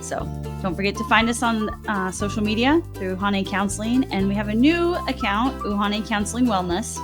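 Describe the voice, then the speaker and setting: A woman's voice: medium pitch, moderate pace, over music. A woman co-hosting a podcast, affirming her partner and signing off to listeners. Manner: affirming, signs off the show. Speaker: podcast co-host. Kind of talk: casual podcast chat.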